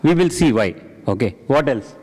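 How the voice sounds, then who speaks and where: A man's voice: mid-range voice, lively intonation, normal speed, darkish tone, breathy edge. A man leading an interactive spiritual class who quizzes his audience and praises their answers. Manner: questioning and encouraging the audience. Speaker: satsang discussion leader. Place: large hall with an audience. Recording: reverberant hall.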